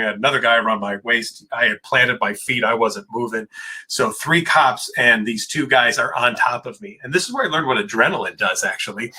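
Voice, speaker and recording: Husky, forceful male psychologist telling a story. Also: mid-range voice, rough recording. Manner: vivid, dramatic retelling with quick asides. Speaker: clinical psychologist hosting a live Q&A. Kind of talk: animated personal storytelling.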